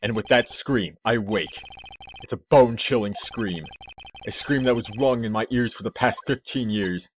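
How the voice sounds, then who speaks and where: A man voicing a haunted, brooding young male prosecutor in a video game, low and grave. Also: moderate pace, slight background noise, lightly acted.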